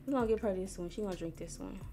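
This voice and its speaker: A woman's voice: medium pitch, vocal fry, warm tone, faint music behind. A young woman from Missouri giving casual, slangy commentary while playing a life-sim game and talking to its characters. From Missouri, USA. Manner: chatty, talks to herself and the characters, slangy, quick to get annoyed. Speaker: gaming YouTuber.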